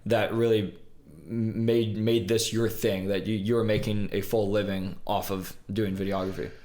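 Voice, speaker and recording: A man's voice: fairly low pitch, flat delivery, normal speed, a little mellow. A man hosting a podcast interview, eagerly reacting with short remarks and asking follow-up questions. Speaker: podcast host. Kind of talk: casual interview. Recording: roomy echo.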